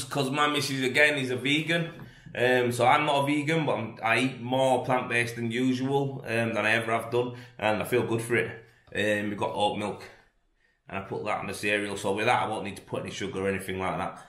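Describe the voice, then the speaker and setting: A man's voice: lowish voice, a bit bright. A man, a plasterer chatting casually and rambling through his day for a vlog. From England. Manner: chatty, rambling, plain-spoken. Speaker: plasterer vlogging his workday. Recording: echoey room sound.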